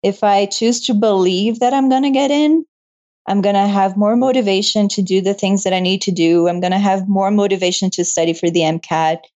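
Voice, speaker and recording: A woman's voice: mid-range voice, a little fast, dark tone. Young woman guest, laughs a lot, heartfelt storytelling, slightly muffled lo-fi recording. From moved to Canada. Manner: laughs often, emotional storyteller. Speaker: guest, medical student. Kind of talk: casual interview chat. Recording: muffled lo-fi audio.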